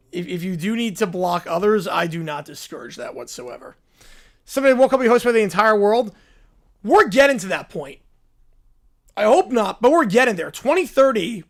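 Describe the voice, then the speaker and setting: A man with a notably high voice hosts a live reaction stream, talking loosely to his viewers. He circles back and restates his points, with plenty of restarts. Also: a bit bright. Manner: rambling, repeats himself with restarts. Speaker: livestream host. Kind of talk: casual live reaction chat.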